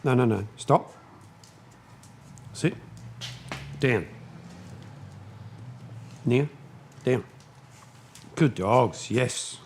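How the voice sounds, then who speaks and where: A man hosting a casual live stream from his shed, chatting slowly and snapping commands at his dogs. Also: mid-range voice, slight background noise. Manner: slow, chatty, scolding his dogs in sharp bursts. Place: home workshop shed.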